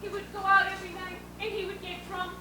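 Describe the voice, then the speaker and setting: A woman's voice: very high voice, level tone, fast talker. A woman playing a theatrical, wailing defendant pleading her case in a vaudeville stage sketch. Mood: melodramatic. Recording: echoey room from far off, loud noise.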